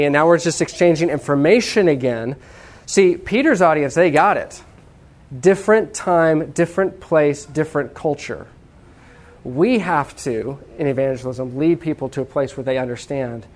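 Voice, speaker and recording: A man preaching a sermon to a live audience, lively and humorous, checking in with the listeners and acting out what people say. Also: fairly high pitch, normal speed. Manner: talks to the audience with many "okay?" checks. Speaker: pastor teaching on evangelism.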